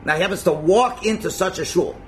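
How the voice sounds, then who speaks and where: A man teaching a religious class in a lively, conversational way, acting out little scenes and chuckling at his own points. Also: high-pitched, fairly quick, a little hiss or hum. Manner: animated, acts out quotes, chuckles at own points. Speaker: Torah teacher.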